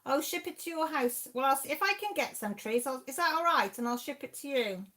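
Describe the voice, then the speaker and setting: A woman's voice: high-pitched, lively intonation, brisk, pushed and bright. A Welsh woman in her sixties, a channel host chatting casually on a live stream and reading out viewer comments in a rambling, friendly way. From Wales. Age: 60s.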